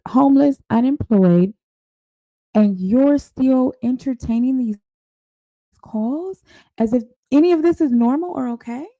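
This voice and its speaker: A woman's voice: fairly high pitch, mellow, dry recording, rough recording. A woman hosting a reaction show, giving casual commentary in a blunt, incredulous, scolding way. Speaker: host reacting to a clip.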